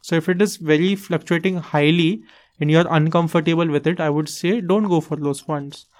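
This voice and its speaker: A man's voice: on the high side, fairly even intonation, normal speed. A man with an Indian English accent, casually explaining investing on a podcast and slipping Hindi phrases into his English. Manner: earnest, explains with examples, mixes in Hindi phrases.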